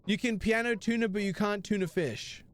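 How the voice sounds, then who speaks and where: A man's voice: high-pitched, normal speed. A young man streaming a video game live, chatting casually and playfully with his chat, slipping into jokey bits and mock pleading.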